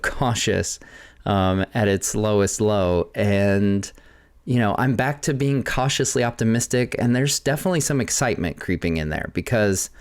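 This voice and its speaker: A man giving a measured, reflective commentary in a clip played on a show. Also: on the low side, smooth, dry recording. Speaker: video commentator.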